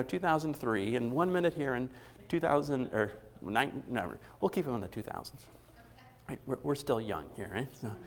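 A man preaching a sermon in a conversational way, retelling scripture with acted-out dialogue and frequent restarts. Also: mid-range voice. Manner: conversational, acts out quoted dialogue, restarts often. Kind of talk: casual sermon.

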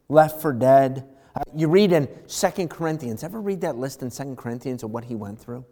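A man's voice: mid-range voice, animated, moderate pace. Dynamic male preacher. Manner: dynamic preacher, swings from loud emphatic to hushed. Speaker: pastor. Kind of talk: sermon.

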